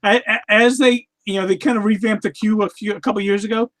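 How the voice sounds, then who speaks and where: A man in a casual podcast chat who speaks haltingly, stumbling and restarting his words. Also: sits high, fairly even intonation, fairly bright tone. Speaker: podcast co-host or guest.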